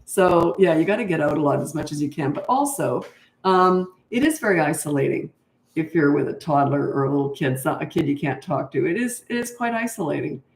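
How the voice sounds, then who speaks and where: Older female parenting coach, chatty and blunt, mid-pitched, recorded in a roomy space. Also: expressive, fairly quick, gravelly, slight background noise. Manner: chatty, frank and laughing easily. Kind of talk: answering interview questions. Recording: roomy echo.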